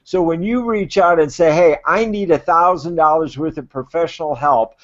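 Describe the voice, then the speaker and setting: Enthusiastic adviser, male, higher-pitched, dull lo-fi call audio. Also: moderate pace. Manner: excited, rambling, self-described natural enthusiast. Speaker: crowdfunding adviser. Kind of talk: enthusiastic advice on a live web show. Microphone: video call.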